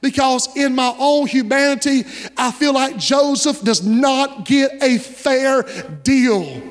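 A man's voice: very high voice, slow pace, big-room sound. A man in his thirties, a pastor preaching a sermon in a folksy storytelling manner and often checking in with his listeners. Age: 30s.

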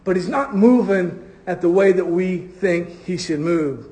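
A man's voice: sits high, animated, mellow. A man preaching a sermon to his congregation, stretching key phrases for emphasis. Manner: preaching with drawn-out emphatic phrases and acted quotes. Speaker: pastor. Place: church.

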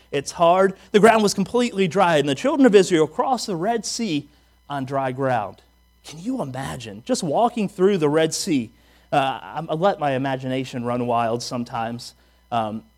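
A man preaching a sermon as pastor, reading scripture aloud and acting out the whining voices he quotes. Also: on the high side. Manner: reads scripture aloud, then preaches with animated acted-out quotes.

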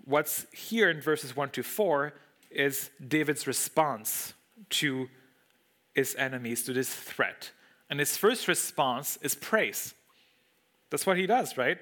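A man delivers a sermon in English, which is not his first language. His voice is bright and sits slightly high. He explains the text, repeats words for emphasis and puts rhetorical questions to the room. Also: animated, takes it slowly. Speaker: preacher. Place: room with a congregation.

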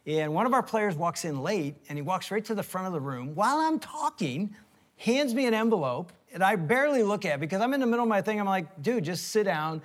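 A man's voice: high-pitched, quick pace. A middle-aged man co-hosting a marriage talk, telling a funny story as a former team chaplain. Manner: animated, jokey storyteller.

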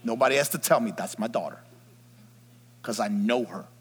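A man preaching an Easter sermon as pastor, swinging from near whispers to loud shouts. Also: medium pitch, expressive, normal speed, husky. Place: church sanctuary. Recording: long hall reverb.

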